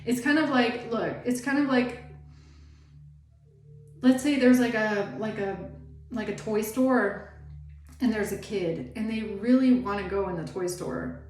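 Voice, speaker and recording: A woman's voice: on the high side, unhurried, long pauses, a little mellow, soft background music. A woman giving a casual tarot reading, rambling and chatty, with lots of "like" fillers. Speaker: tarot reader. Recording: roomy echo, faint background noise.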